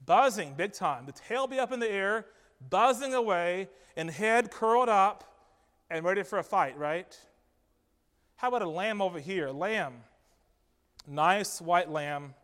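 Male preacher, high voice, coaxing sermon delivery, long hall reverb. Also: animated, measured pace, a bit bright. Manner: earnest, coaxing, frequent "okay?" and "right?". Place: church platform.

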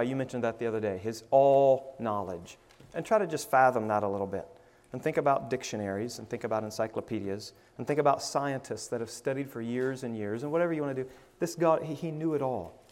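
A man preaching an informal sermon, stammering over restarts and swinging from loud to hushed. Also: medium pitch, in a large hall. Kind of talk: conversational sermon.

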